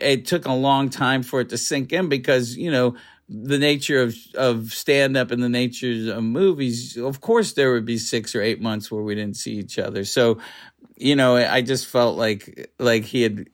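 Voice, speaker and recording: A middle-aged male comedian talking casually in a radio interview, halting, full of restarts and "you know", soft and reflective. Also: mid-range voice. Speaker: comedian guest.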